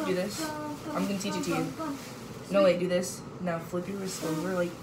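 A woman's voice: on the low side, flat delivery, fairly quick, reverberant, distant mic, noisy background. A young woman chatting casually with a friend, teasing and playful.

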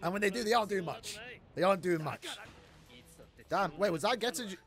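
Over faint background music, a man with a high-sitting voice hosts an anime reaction video, hyped and shouting, stretching out words in dismay. He then recaps in a calmer, rambling way.

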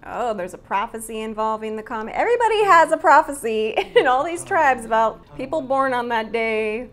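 Woman reaction host, slightly high voice, chatty and quick to laugh. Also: very animated, fairly bright tone. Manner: chatty, laughs often, talks back to the screen. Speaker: drama reaction channel host. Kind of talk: casual reaction commentary.

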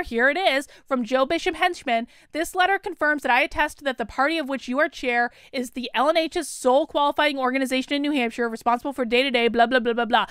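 Woman host with a high voice, delivering indignant breaking-news commentary. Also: fairly bright tone, no room sound, studio quality. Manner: emphatic, incredulous, indignant outbursts. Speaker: political commentary vlogger.

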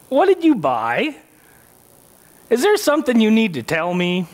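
A suspicious wife interrogates her husband with pointed questions, as a preacher briefly acts her out. The voice sits high and sounds a little off-mic. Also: big pitch swings, a little fast.

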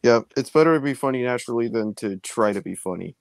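A man's voice: mid-range voice, fast talker, vocal fry, no echo, clean studio sound. A man co-hosting a live stream in casual chat, laid-back and laughing often. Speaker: stream co-host.

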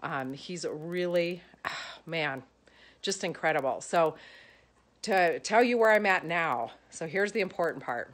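A woman's voice: lowish voice, animated, measured pace. A woman giving an emotional testimonial about her coach, gushing and rambling with many fillers. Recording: music playing under the voice.

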